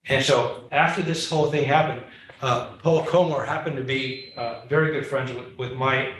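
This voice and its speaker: A man lecturing on coastal science, telling lively stories and acting out the voices in them. His voice is mid-pitched, neither high nor low, and it sits far from the microphone. The room is very echoey, with a faint hum underneath. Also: normal speed. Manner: animated, acts out dialogue in his anecdotes. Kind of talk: storytelling lecture to a live audience.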